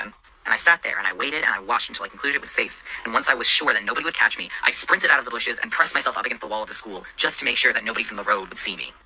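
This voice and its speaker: Fast, gravelly young man telling a story. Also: medium pitch, sharp tone, poor audio. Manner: sarcastic, swears a lot. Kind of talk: casual storytime narration.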